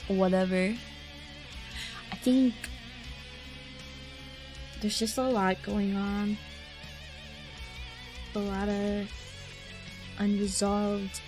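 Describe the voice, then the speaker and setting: A woman's voice: mid-range voice, fairly bright tone. A young woman streamer chatting casually with viewers, rambling and reflective, with lots of "like" and "I don't know". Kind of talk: casual chat reading viewer comments.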